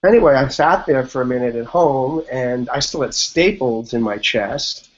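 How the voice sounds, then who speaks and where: A man in his fifties sits in as a podcast guest and tells his story in a relaxed, meandering way, with fillers all through it. His voice sits at an everyday middle pitch for a man. The recording sounds a bit dull and lo-fi. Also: unhurried. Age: 50s. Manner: rambling, loose retelling full of "like" and "you know". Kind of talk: casual interview storytelling.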